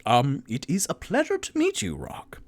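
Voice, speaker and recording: A man voicing a towering, gentle male elephant-folk adventurer in a tabletop game, speaking softly, politely and with hesitation. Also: a little high, wildly swooping pitch, moderate pace, vocal fry, no room sound, voice pushed up, exaggerated voice. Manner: soft-spoken, hesitant and polite. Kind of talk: tabletop role-play voice.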